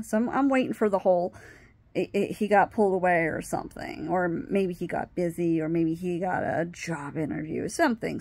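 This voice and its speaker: A woman's voice: on the low side, normal speed, no room sound. A woman telling a personal story in a casual way, acting out what people said and often restarting her sentences. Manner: animated, acts out what people said. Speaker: vlogger.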